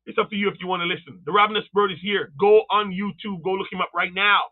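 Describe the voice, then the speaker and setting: Fervent high-voiced preacher over a tinny line. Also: male voice, steady tone. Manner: fervent, rising to cries and shouts, drawing out scripture quotes slowly; calls out to the audience. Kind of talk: sermon. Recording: tinny phone-like sound.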